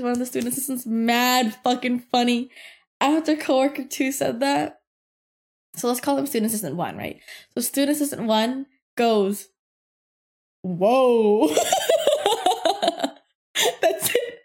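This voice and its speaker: A young woman podcast host telling a workplace story in casual chat, animated and profane, with lots of fillers and frequent laughter. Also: a little high. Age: young adult.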